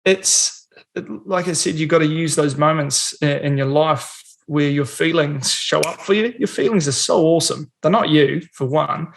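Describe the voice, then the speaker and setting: Gravelly man chatting casually. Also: on the high side, moderate pace, a little hiss or hum. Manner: swears freely, acts out little quoted voices. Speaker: guest, mentor. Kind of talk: casual podcast conversation.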